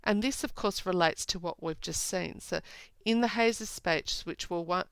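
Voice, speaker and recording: A woman teacher giving a poetry analysis lesson, slowly rereading lines and drawing out their meaning. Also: on the low side, clean tone, dry recording, poor audio. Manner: slow, deliberate, rereads lines aloud. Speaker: English teacher.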